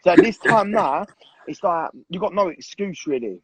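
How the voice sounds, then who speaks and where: A man's voice: high voice, expressive, moderate pace, a little hiss or hum, low-quality recording. A man in his twenties, talking bluntly in a casual chat, swearing a lot and repeating himself for emphasis. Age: 20s. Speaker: guest.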